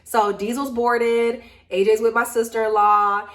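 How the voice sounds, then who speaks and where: Tired woman vlogger, chatty and animated, complaining straight into a home camera. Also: on the high side. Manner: animated storytelling, venting, drawn-out complaints. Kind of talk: casual chat to camera.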